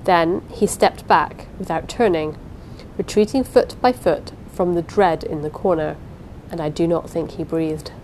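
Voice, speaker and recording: A woman's voice: fairly low pitch, unhurried, darkish tone, a little hiss or hum, low-quality recording. A woman narrating a first-person story aloud, reading in a dramatic, suspenseful way. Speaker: audiobook narrator.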